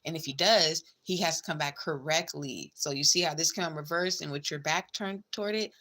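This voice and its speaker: A woman's voice: deep voice, fairly quick, bright, forceful tone. A woman giving a casual tarot reading, chatty and blunt, swearing freely and calling the listener babe and girl. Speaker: tarot reader.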